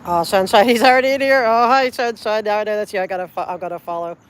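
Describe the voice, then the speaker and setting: A livestreamer reads viewer chat and talks casually with the audience, effusive and rambling with many restarts. It's recorded on a phone outdoors at night. The voice is medium-pitched and quick, with slight background noise.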